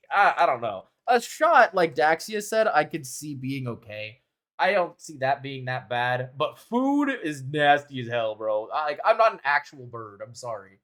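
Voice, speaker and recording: His voice sits on the high side and sounds a bit bright as he plays a game on stream and talks casually with his audience. Laughter comes often, along with free swearing and playful self-defense.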